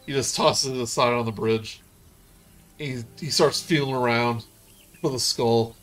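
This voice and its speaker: A man's voice: mid-range voice, steady tone, unhurried, fairly bright tone. A man narrating a tabletop game as game master, in a loose, rambling way full of fillers.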